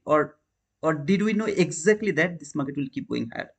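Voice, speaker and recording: Guy live trading stream, kinda high voice, english, earnest, keeps saying man and brother. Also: lively intonation, moderate pace, breathy edge. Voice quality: non-native English, repeats phrases. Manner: earnest, questions viewers, calls them man and brother.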